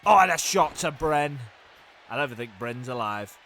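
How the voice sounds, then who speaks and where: A young man giving excitable play-by-play commentary on a wrestling video game, swinging from hushed groans to loud shouts. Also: a little high, moderate pace, slight background noise.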